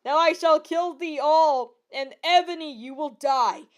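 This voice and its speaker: A woman voicing a cackling evil male dark wizard who speaks slowly in old-fashioned thou and thee. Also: high-pitched. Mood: threatening.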